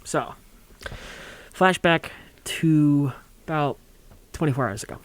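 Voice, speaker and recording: A man's voice: medium pitch, fairly quick, no echo. A young man telling a rambling, funny story on a college radio show, acting out quotes and laughing along.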